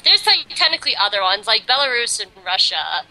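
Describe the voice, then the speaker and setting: A woman's voice: fairly high pitch, sing-song, pushed and bright, poor audio. A young woman chatting casually and eagerly as a podcast co-host, filling her talk with "like". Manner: fast enthusiastic fan talk, many "like"s. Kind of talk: casual chat.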